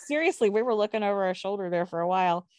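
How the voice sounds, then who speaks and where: A woman's voice: mid-range voice, animated, rapid-fire, darkish tone. A woman co-hosting a true crime podcast, chatting casually and defiantly, laughing easily. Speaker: podcast co-host.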